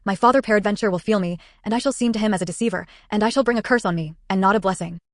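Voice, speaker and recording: A woman's voice: medium pitch, very fast, no echo, clean studio sound, natural voice. A woman voicing a cautious younger son who deceives his father, in a scripted Bible reading.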